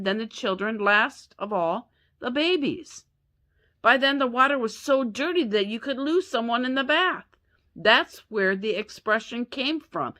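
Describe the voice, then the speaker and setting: A woman's voice: fairly high pitch, bright, forceful tone. A woman retelling a Bible story as a lesson, chatty and self-correcting, with asides to her listeners.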